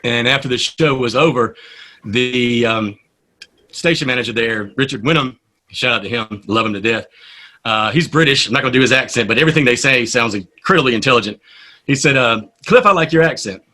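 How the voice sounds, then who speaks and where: A man, a poet and radio host, telling stories in a casual interview with an animated manner. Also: mid-range voice, a little fast. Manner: animated storyteller.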